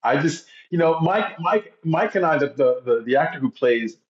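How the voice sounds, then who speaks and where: Halting male actor on a roomy line. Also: on the high side, lively intonation, dull audio. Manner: halting, repeats words while searching for them. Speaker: actor, podcast guest. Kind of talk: casual interview chat.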